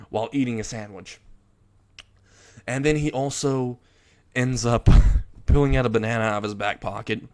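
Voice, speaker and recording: A man casually retelling a fan story, narrating in a rambling way with chuckles. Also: mid-range voice.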